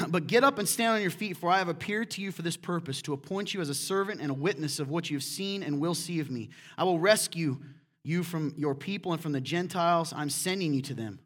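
A man preaching a sermon in a church, animated and acting out quotes in different voices. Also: on the high side. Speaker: pastor.

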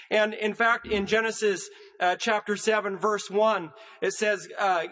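A man delivers a sermon in a high-pitched voice. He speaks in a measured preaching cadence and hammers home his points with repetition. His words echo with the long reverb of a church sanctuary. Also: steady tone, a bit bright.

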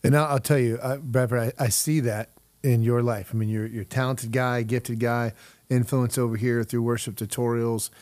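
A man's voice: medium pitch, fairly even intonation, normal speed, darkish tone, no echo. A middle-aged man hosting an interview, telling stories with chuckles and searching phrasing. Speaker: host, youth leader. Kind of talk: casual interview chat.

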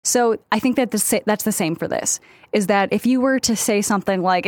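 A woman's voice: medium pitch, brisk, no echo, studio quality. Thoughtful woman podcast co-host. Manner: warm-hearted, thoughtful, complimentary. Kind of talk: casual advice chat.

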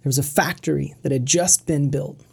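A woman's voice: low voice, a little fast, vocal fry, dark tone, husky. A woman giving a talk, telling a story in a casual, slangy way, often repeating words as she goes. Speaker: event speaker.

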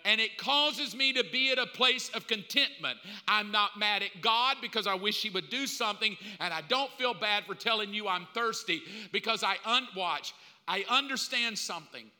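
A man preaching a sermon in an animated way, swinging between loud and hushed delivery. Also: high-pitched, normal speed. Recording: long hall reverb.

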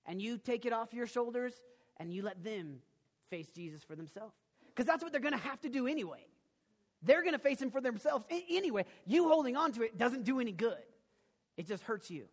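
A young male preacher with a high voice, telling a story from the pulpit. He is animated, stumbles over restarts and breaks into sudden loud bursts. His voice rings with the long echo of a big hall. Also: brisk. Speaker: pastor. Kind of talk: sermon with personal storytelling. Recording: long reverb of a large hall.

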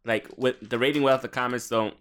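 A man's voice: medium pitch, steady tone, fast talker, a bit bright, clean tone. A man co-hosting a casual podcast at home, talking in a rambling, laid-back way with lots of ums. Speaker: podcast co-host. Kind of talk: casual chat. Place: apartment in the Bronx.

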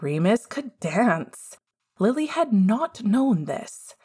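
A woman narrating a fan fiction story aloud in an expressive, measured way. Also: medium pitch, slightly rough. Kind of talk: fan fiction audiobook reading.

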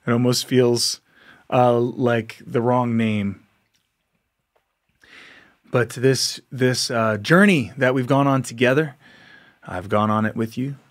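A man hosting a podcast, delivering an impassioned monologue full of rhetorical questions and frequent laughs. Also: mid-range voice. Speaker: podcast host.

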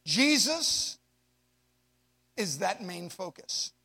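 A man preaching a sermon to young adults, swinging from hushed asides to loud, drawn-out emphasis. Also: high-pitched. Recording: long hall reverb.

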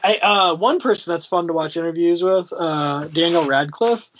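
A man's voice: fairly high pitch, moderate pace, a bit bright, muffled recording. A man in casual chat, hesitant and full of fillers.

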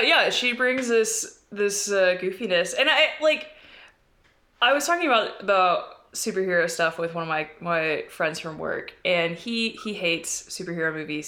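Bright-voiced joking woman. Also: on the low side. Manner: joking, chatty, laughs through lines. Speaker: podcast co-host. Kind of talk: casual chat. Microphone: single shared mic.

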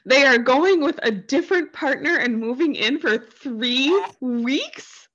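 A woman's voice: sits high, measured pace, muffled recording. A woman co-hosting a podcast, reacting dramatically and joking while watching a reality show. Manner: lively, gasping, dramatic reactions. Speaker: podcast co-host. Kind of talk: casual chat over a TV show.

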